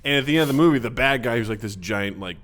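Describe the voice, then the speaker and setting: A man co-hosting a casual podcast, animated and jokey, acting out quotes in exaggerated voices. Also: medium pitch, very fast. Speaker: podcast co-host. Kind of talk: casual chat.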